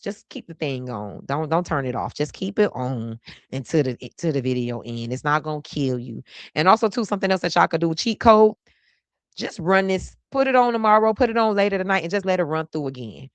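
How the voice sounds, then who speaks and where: A woman's voice: low-pitched, lively intonation, fairly quick, no room sound. A woman hosting a live stream, chatting playfully and saying y'all constantly. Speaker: host of a live stream show. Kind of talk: casual live stream chat.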